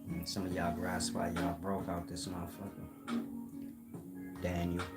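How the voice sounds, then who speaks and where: Deep-voiced man lecturing his stream chat. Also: steady tone, unhurried. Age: older. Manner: blunt, lecturing, scolding trolls. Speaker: livestream host. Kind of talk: live-stream monologue to chat. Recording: loud guitar music behind.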